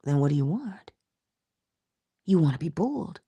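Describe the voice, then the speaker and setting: A middle-aged woman delivers a motivational morning talk in a low, gravelly voice. She speaks slowly and deliberately, posing rhetorical questions and answering them herself. The sound is close and dry. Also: big pitch swings, mellow, dry recording. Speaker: inspirational speaker.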